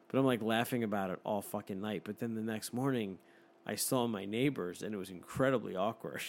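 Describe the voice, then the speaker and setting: A man's voice: on the low side, brisk, a little hiss or hum. A man in his thirties telling a story in casual chat, swearing freely and laughing often.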